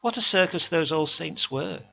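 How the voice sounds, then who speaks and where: A brash, cheerful young American man with an American accent, put on by a male reader. He talks loudly and keenly, his voice pushed up high. It is a dull, lo-fi home recording. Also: lively intonation, moderate pace, creaky, slightly rough, exaggerated voice. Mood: eager. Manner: brash and enthusiastic.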